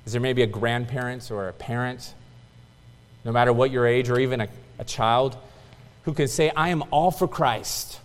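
A man preaching a sermon to a congregation, telling stories with rising excitement and then dropping to a soft, quiet emphasis. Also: mid-range voice, long reverb tail.

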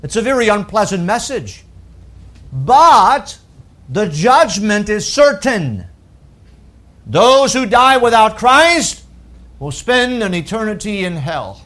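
A man preaching a sermon, emphatic, asking rhetorical questions and slowing down on key phrases. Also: very high voice, a bit bright.

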